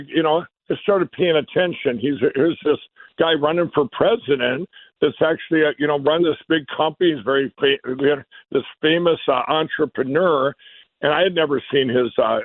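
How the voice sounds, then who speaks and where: A man from Minnesota tells a long story over a tinny phone line. His voice sits a little high, and he rambles, doubling back on his words. The sound is dry and close. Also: no echo. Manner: rambling, repeats and restarts words. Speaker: guest, company founder. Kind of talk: casual storytelling.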